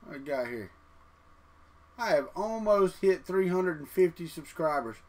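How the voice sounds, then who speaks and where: A man's voice: fairly high pitch, lively intonation, a little slow, a little mellow. A man, hosting a casual livestream from his trailer home and chatting folksily with viewers. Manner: folksy, talks straight to chat. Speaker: 3D printing livestream host.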